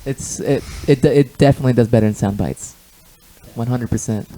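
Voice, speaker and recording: A man's voice: medium pitch, brisk, dark tone, rough recording. A man co-hosting a casual podcast chat, blunt and opinionated, swearing freely and repeating himself. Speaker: podcast co-host.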